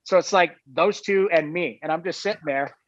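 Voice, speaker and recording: A man's voice: on the high side, moderate pace, no echo. A man, a guest on a talk show, tells a casual anecdote in a rambling way, full of "like" and "you know". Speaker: guest telling a story. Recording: dull, lo-fi, dry sound.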